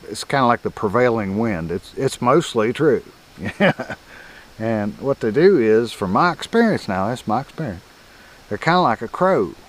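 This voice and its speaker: Older man, lowish voice, easygoing rambling how-to talk with chuckles. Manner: folksy, rambling, chuckles often. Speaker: coyote hunting instructor. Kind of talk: casual outdoor teaching.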